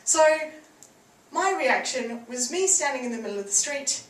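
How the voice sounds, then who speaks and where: On a theatre stage before a live audience, a woman delivers a stand-up set in a high, animated, fairly bright voice at normal speed, chatting and giggling through her material. The recording is echoey and distant, with noise.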